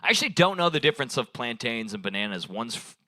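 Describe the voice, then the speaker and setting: With big pitch swings and a quick pace, this young man's medium-pitched voice carries a sharp tone, recorded with no room sound. He does loose, rambling improvised crowd work at an open mic on a small bar stage, cursing and laughing at his own material into a handheld stage mic.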